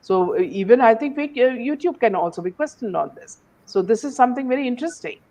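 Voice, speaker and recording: A woman's voice: a little high, lively intonation, fast, warm tone. A woman hosting an opinionated commentary chat, talking in a scornful, rambling way full of "you know" fillers. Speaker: host.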